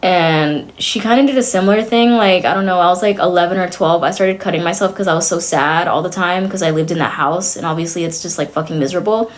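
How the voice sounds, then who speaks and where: A woman's voice: on the low side, fast, hardly any pauses. Give me a young woman streamer talking straight to her viewers, blunt, sarcastic and foul-mouthed. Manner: blunt, swears freely, sarcastic. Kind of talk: casual chat to stream viewers.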